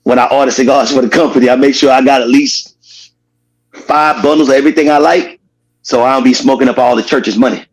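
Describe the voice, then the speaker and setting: A man's voice: medium pitch, steady tone, a little fast, slightly rough, rough recording. A man, owner of a cigar brand, chatting casually and playfully in an interview and laughing often.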